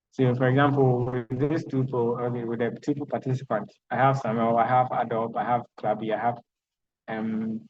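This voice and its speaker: A man with a Ghanaian accent teaching programming in an online lecture, talking in a halting way with many restarts and repeated words. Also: mid-range voice, darkish tone. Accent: Ghanaian English. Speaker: programming instructor. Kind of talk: online lecture with screen sharing. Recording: dull lo-fi online call audio.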